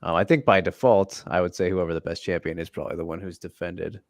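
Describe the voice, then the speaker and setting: A man co-hosting a casual watch-along stream talks through a question, thinking aloud and weighing both sides. His voice sits low. The recording is dry and close, with no room echo. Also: fairly even intonation, fast. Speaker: livestream co-host and martial arts commentator. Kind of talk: casual analytical chat.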